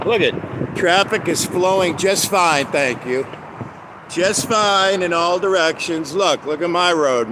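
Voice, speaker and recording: A chatty man with a slightly high voice walks along a roadside, talking to his live-stream viewers. He jokes, greets people by name and sings snatches of songs. Traffic and street noise come through clearly on his phone recording. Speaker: livestream host. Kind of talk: rambling live-stream chat. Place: outdoors by a road with passing traffic. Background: street and car noise.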